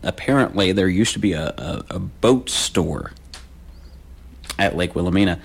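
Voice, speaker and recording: A man's voice: deep voice, animated, a little slow, vocal fry, husky. A man hosting a local call-in radio swap show, reading listings and phone numbers in a loose, casual way. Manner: casual, repeats phone numbers, slangy asides. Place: radio studio.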